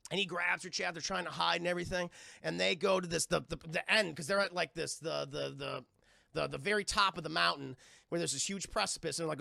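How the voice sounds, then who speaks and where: A man live-streaming a casual, profane scene-by-scene film retelling, animated and slipping into quick voices for the characters. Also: a little high, creaky, dry recording, clean studio sound.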